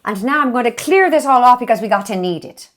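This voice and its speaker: A woman's voice: a little high, lively intonation, fast talker, soft background music. A woman hosting a cooking show in a put-on Irish accent, giving a playful, cheeky comic cooking demonstration in a kitchen and swearing for laughs.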